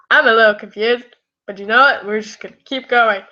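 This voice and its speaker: A woman's voice: on the high side, a little fast, bright, forceful tone. Tired, giggly young woman, muffled. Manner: giggly, rambling, apologetic asides. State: tired with a scratchy throat. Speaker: streamer reading fan fiction. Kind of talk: casual live-stream reading. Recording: muffled lo-fi audio.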